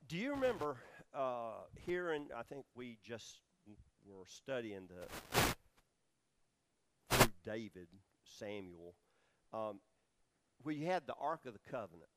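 Slow, deliberate male Bible teacher. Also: medium pitch, very animated, fairly bright tone, slight background noise. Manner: explanatory, asks the audience questions, many fillers. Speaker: preacher teaching scripture. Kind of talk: Bible study sermon.

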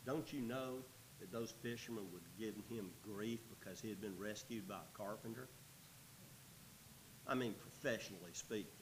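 A man's voice: fairly low pitch, normal speed, noisy background. A man teaching a Bible passage verse by verse, reading the text aloud and breaking in with folksy, joking asides.

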